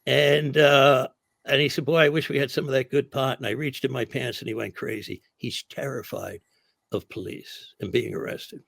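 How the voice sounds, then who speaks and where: An older man, a comedian guest, telling animated anecdotes in a casual interview and acting out the quotes. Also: medium pitch, moderate pace, gravelly, no echo, clean studio sound.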